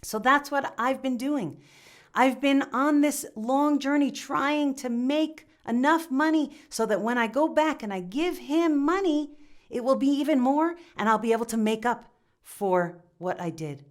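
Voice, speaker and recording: In a spoken folk tale, a woman gives voice to a humble young villager pouring out a confession. He is earnest and guilt-ridden, stammers and restarts, and speaks fairly high. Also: a little slow. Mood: remorseful.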